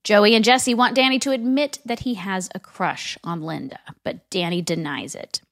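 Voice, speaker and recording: A woman's voice: medium pitch, fairly even intonation, moderate pace, fairly bright tone, no echo, clean studio sound. A woman podcast co-host in a casual recap chat, summarizing plot in a chatty way.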